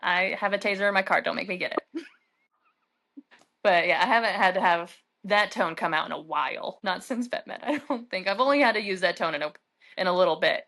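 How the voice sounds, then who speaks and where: A woman co-hosting a casual podcast, telling animated stories full of "like" fillers. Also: mid-range voice, brisk. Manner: animated storyteller, heavy use of "like". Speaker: podcast co-host. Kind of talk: casual chat.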